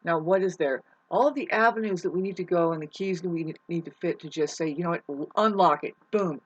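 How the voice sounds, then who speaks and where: A woman with a husky, breathy voice rambles through a spiritual monologue. She gets excitable, leaps into loud outbursts, then drops to low mutters, and swears freely. The recording sounds dull and lo-fi. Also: fast. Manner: swears casually, many restarts. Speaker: vlogger.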